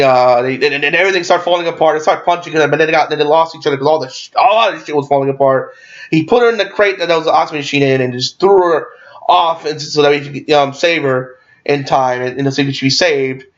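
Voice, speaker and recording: A man's voice: on the high side, a little fast. Rambling, profane man reviewing a movie. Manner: rambling, profane, many fillers and restarts. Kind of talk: casual spoken movie review. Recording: dull lo-fi recording.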